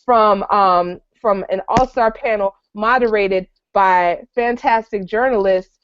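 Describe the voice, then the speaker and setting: A woman hosting an online education show, making quick promotional announcements before handing over to the moderator. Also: mid-range voice, dry recording. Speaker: show host. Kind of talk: announcements and introduction. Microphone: video call. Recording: dry lo-fi web call audio.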